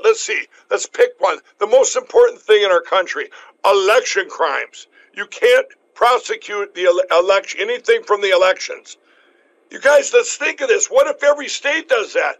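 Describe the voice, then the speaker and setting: A man hosting a talk show, talking in a rambling, emphatic way with many restarts, his voice going hoarse. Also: high-pitched, animated, normal speed, fairly bright tone, poor audio. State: losing his voice. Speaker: show host. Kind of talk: casual talk show chat.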